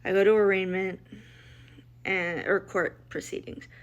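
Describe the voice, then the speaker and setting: Heard in lo-fi sound, a middle-aged woman with a medium-pitched, level voice speaks a little slowly. A mother, she tells her family's story in blunt, emotional fashion, acting out dialogue and restarting frequently.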